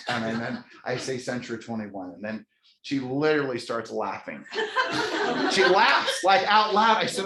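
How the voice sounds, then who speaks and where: A man who runs a company entertains a live audience from the stage with a self-deprecating, chatty anecdote, restarting often. His medium-pitched voice is animated at a moderate pace, and the large room sounds echoey and noisy.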